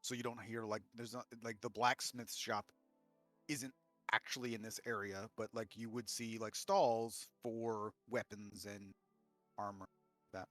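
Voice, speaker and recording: A man's voice: on the low side, little pitch movement, a little slow, fairly bright tone, no room sound, soft background music. A man narrating a tabletop game as game master, rambling with many fillers and restarts.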